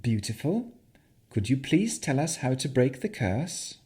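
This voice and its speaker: A woman's voice: sits low, very animated, measured pace, dark tone, voice pushed up. A male narrator voicing a composed young female warlock who speaks steadily and firmly.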